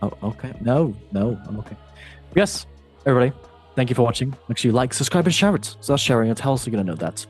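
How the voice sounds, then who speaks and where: A man hosts a casual quiz show with a slightly husky, breathy voice. He talks in a playful, rambling way, full of jokey asides. Faint music plays in the background. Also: medium pitch, lively intonation, fast talker. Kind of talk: casual podcast quiz hosting.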